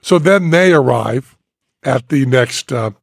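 A man hosting a podcast, telling a story in an animated, casual way and laughing as he goes. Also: medium pitch, slow, no echo, clean studio sound. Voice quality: gravelly and husky. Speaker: podcast host.

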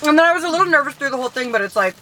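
Bright-voiced young woman chatting casually. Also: sits high, animated, rapid-fire. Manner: chatty storyteller, swears casually. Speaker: podcast co-host. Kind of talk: casual chat while eating.

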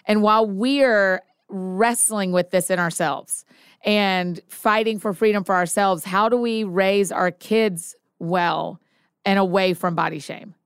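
A woman's voice: mid-range voice, fairly even intonation, slow, clear, resonant tone, dry recording, clean studio sound. A woman hosting a podcast, asking questions in a casual interview chat and affirming her guest. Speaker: podcast host.

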